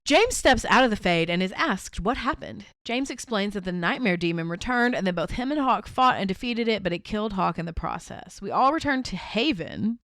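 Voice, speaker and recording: A woman's voice: mid-range voice, animated, a little fast, few pauses, a bit bright, no echo. A woman co-hosting a podcast, reading a fan story aloud and often breaking into laughter. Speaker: podcast co-host.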